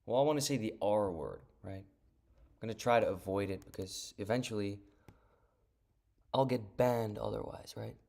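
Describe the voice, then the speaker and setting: A man's voice: on the low side, moderate pace, creaky, pauses often, mellow. A man ranting on a live stream in a casual, profane and dismissive way, rambling and restarting his sentences, talking into an earphone mic.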